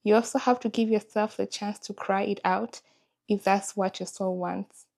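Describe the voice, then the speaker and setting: A woman's voice: medium pitch, steady tone, moderate pace, vocal fry, darkish tone. A young woman, talking candidly and emotionally in a confessional vlog. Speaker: vlogger.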